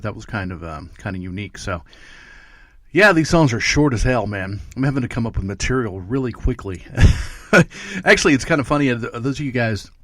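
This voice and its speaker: Man rambling loosely in a low dry voice. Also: fairly bright tone, no echo. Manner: rambling, many fillers and restarts; easygoing, joking. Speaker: podcast host. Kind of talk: casual chat between songs. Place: seated at home editing desk.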